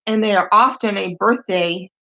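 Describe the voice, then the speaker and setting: Deadpan woman reading messages aloud, lo-fi. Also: medium pitch, moderate pace. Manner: deadpan, wry, laughs at the messages. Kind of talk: comedic reading of dating-site messages. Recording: dull lo-fi sound.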